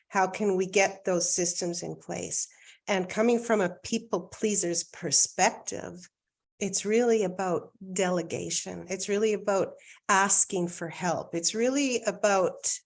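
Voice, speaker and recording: Emphatic, energetic woman coach from Canada. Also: medium pitch. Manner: energetic and emphatic, repeats key phrases for effect. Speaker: life coach. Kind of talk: casual conversation.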